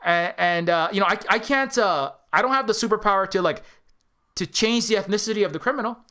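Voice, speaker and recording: A man's voice: high-pitched, a little fast, pushed and bright. A man who makes indie games, talking casually and rambling, with many restarts, some swearing and quoted voices for other people. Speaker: indie game developer. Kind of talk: casual spoken commentary.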